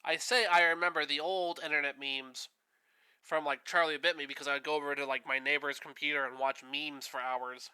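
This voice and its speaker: Bright, clear-voiced man chatting while painting. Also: on the high side, flat delivery, fairly quick. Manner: rambling, chatty, easygoing. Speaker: host painting on stream. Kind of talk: casual chat while painting. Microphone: streaming setup.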